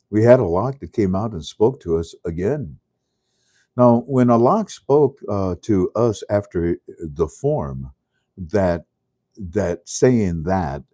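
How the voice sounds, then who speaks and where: An older man talks in a loose, rambling way, chuckling as he goes and stumbling through fillers. His voice sits low and mellow. The recording is dry, with no room sound. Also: no room sound. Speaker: host. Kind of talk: casual monologue.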